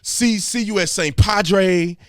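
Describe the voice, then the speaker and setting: A man doing a brief mocking impression of a pandering older male politician, in a lower, mumbling voice. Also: takes it slowly, no echo, studio quality.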